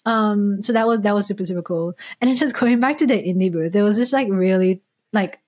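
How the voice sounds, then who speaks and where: A woman co-hosting a casual podcast, telling an anecdote in a lively, self-mocking way with frequent laughter. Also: medium pitch, fairly quick. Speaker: podcast co-host. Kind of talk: casual storytelling.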